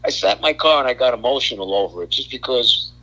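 An older man from Brooklyn, a guest on a radio talk show, telling animated stories and stumbling over repeated words. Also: medium pitch, fast, poor audio. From Brooklyn, New York. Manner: animated storyteller, repeats words, acts out quotes. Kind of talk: casual radio chat.

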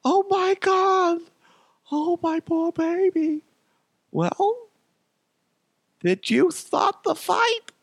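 A high, sing-song mother's voice, fussing and doting over her child in a comically coddling way, as a man puts her on. The tone sits far above his natural register and sounds altered from his usual timbre. The recording is dry and close. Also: lively intonation, very slow, vocal fry, long pauses, no room sound, exaggerated voice. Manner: coddling, crude punchlines. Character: doting, fussy middle-aged mother.

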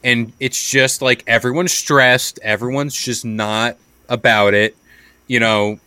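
A man's voice: medium pitch, fairly even intonation, slow, pushed and bright, smooth, dry recording. A young man from New York co-hosting a podcast in casual chat, rambling and filling his talk with "like". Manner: rambling, says "like" a lot. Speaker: podcast co-host.

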